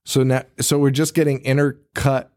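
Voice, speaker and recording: A man's voice: mid-range voice, flat delivery, normal speed, darkish tone. A man hosting a podcast, recapping a movie in casual chat, swearing often, laughing and acting out the characters' lines. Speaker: podcast host.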